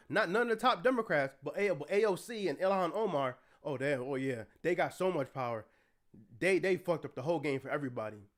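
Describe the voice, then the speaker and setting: A high-pitched young man rants through a political commentary stream, reacting to what he reads. He is indignant and profane and breaks into angry shouts.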